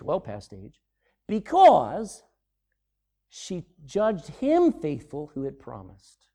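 A middle-aged man preaching a sermon as pastor, swinging from loud emphasis to sudden hushed drops. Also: a little high.

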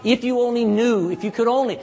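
A man's voice: very high-pitched, a little fast, slight background noise. A pastor preaching an emphatic sermon to his congregation, teasing listeners by name and calling for "Amen?" replies. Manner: emphatic, animated preaching with call-and-response "Amen?". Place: church sanctuary.

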